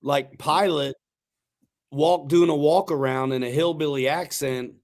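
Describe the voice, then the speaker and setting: A man's voice: on the high side, steady tone, measured pace, a little mellow. A man hosting a casual livestream chat, talking in a laid-back, slangy, rambling way with restarts. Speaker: host.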